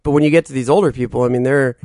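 A man's voice: mid-range voice, fairly even intonation, racing, darkish tone, no room sound, studio quality. A man hosting a casual podcast, easygoing, laughing often as he talks. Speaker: podcast host.

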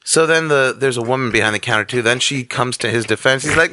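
A man's voice: medium pitch, fast talker, hardly any pauses, bright, forceful tone, no echo. A man, a comedian guest telling a comic story and acting out both sides of the exchange. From New York.

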